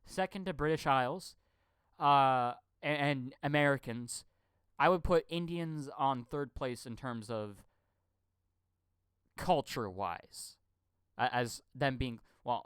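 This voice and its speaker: A man's voice: mid-range voice, fairly bright tone, clean tone, dry recording. A man rambling through a profane live-stream rant, stammering and repeating his words. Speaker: channel host.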